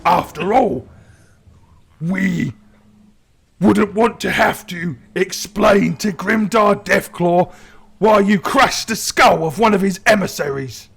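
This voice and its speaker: A level-headed orc advisor gives quiet warnings in a measured, slow voice, performed by a man narrating a tabletop game. He stays calm and firm. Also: high voice, gravelly, breathy edge, heavily acted. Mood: cautioning. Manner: calm, cautioning.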